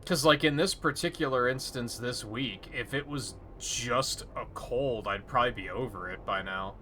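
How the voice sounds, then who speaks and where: A man's voice: mid-range voice, normal speed, pushed and bright, slight background noise. A man streaming a video game live, rambling casually and thinking aloud as he plays. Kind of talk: casual live gameplay commentary.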